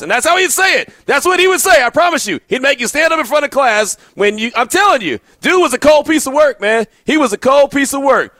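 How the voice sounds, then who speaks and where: A man hosting a sports radio talk show, telling stories in an animated way and often repeating words as he goes. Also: extremely high pitch, a little fast, few pauses, no room sound.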